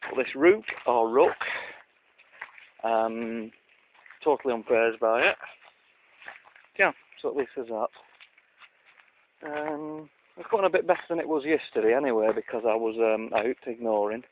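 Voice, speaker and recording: Filming a video diary at a country park, a vlogger from Lancashire, England, rambles along with dry humor aimed at himself. He talks at a moderate pace with a medium pitch and long pauses, and the recording is tinny and lo-fi, with a faint hiss.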